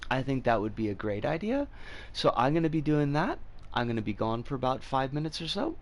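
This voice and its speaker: A man's voice: medium pitch, very animated, a little fast. A man streaming a game and chatting casually with his viewers, rambling with frequent fillers.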